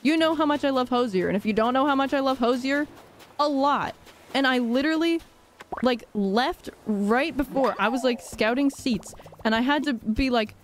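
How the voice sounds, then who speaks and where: A woman's voice: high-pitched, normal speed, slight background noise. A young woman chatting casually on a live game stream, rambling and laughing often with dramatic sighs. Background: faint game music.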